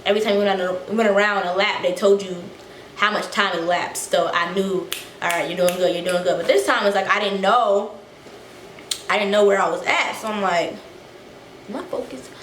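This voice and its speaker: A young woman telling a casual story to her vlog viewers, animated and a little out of breath, acting out the quotes. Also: mid-range voice, normal speed. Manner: animated, acts out quotes, swears freely. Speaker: vlogger. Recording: echoey room, faint noise.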